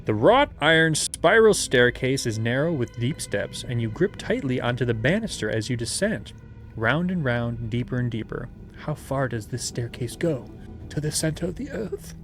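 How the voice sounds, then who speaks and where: A man's voice: medium pitch, normal speed, faint music behind. Man reading a gamebook aloud. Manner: steady reading, chatty asides. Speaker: host and gamebook narrator.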